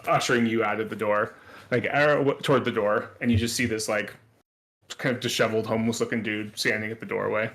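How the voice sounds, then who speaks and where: A man's voice: on the low side, steady tone, quick pace, fairly bright tone. A man narrating as game master of a tabletop game, rambling with many restarts. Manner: rambling, full of fillers and restarts.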